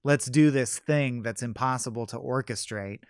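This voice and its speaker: A man's voice: mid-range voice, moderate pace, clear, resonant tone, no room sound, studio quality. A man co-hosting a casual film podcast, speaking eagerly and acting out bits of dialogue. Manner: enthusiastic, acts out quoted dialogue. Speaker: podcast co-host.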